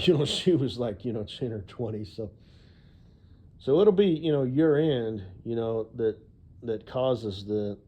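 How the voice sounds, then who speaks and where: A man's voice: mid-range voice, highs cut off. A man vlogging in a casual, rambling monologue, profane and full of "you know" fillers.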